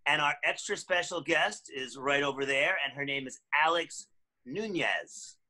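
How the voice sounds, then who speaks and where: A man's voice: on the high side, normal speed, bright, forceful tone. A man co-hosting a podcast, chatting and joking casually before introducing the guest. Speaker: podcast co-host.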